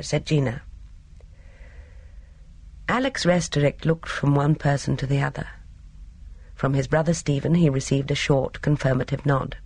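An audiobook reader doing steady, measured narration of a mystery novel on a close studio mic. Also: mid-range voice, slightly rough, no echo. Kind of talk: scripted narration.

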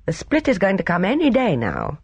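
A reader voicing a calm young man in a storybook reading, measured and gently teasing. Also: high voice, creaky, breathy edge, no echo, pitched above the performer's own voice, full character voice.

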